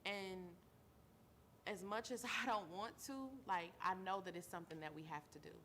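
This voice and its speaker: A weary woman host speaks earnestly to her listeners at a middle pitch, building her points through repetition. A faint hum of noise sits beneath her voice. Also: fairly even intonation, normal speed, fairly bright tone. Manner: earnest, repeats phrases for emphasis, calls listeners baby. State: tired. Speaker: show host; mother. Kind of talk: heartfelt talk-show monologue.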